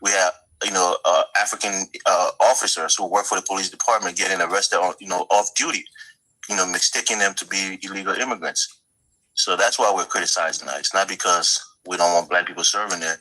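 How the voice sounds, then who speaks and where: A man from the Minneapolis area arguing a political point earnestly, halting and restarting often. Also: low-pitched, steady tone, sharp tone, rough recording. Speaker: debate guest. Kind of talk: political debate.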